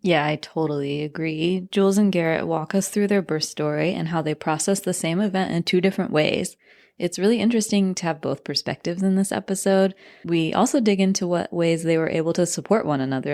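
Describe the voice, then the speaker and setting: A woman co-hosting a podcast, calm and measured as she explains clearly. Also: on the low side. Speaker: podcast co-host. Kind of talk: casual podcast chat.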